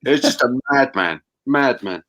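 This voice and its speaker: A man chatting casually as co-host, boisterous and quick to laugh. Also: mid-range voice, animated, a bit bright. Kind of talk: casual chat.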